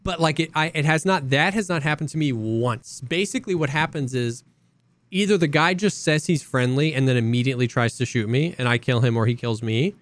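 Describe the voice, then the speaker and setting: A young man co-hosting a podcast, telling stories in a lively, animated way and acting out quotes. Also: mid-range voice, no echo. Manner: animated storyteller, acts out quotes. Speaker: podcast co-host. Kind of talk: casual chat.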